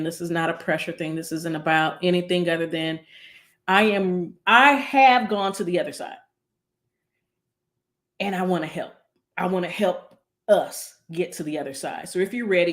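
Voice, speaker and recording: A woman psychologist talking casually on a live stream, chatty and long-winded, with many fillers and an upbeat, encouraging manner. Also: on the low side.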